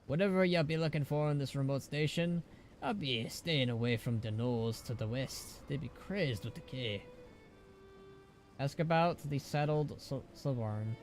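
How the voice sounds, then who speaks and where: This is a rough-edged troll keeper of animals, talking in a broad troll dialect with a folksy, unhurried drawl. A man acts him out while reading a game aloud. The voice sits at an ordinary male pitch with faint music beneath it. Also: natural voice. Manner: island troll dialect with "be" in place of "is".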